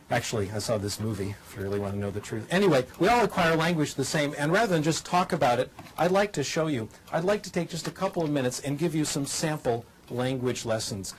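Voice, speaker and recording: An older man lectures to a television studio audience. His delivery is dry and gently humorous, and he teaches by demonstrating as he talks. A faint ambient hiss sits behind his voice. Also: mid-range voice, rough recording.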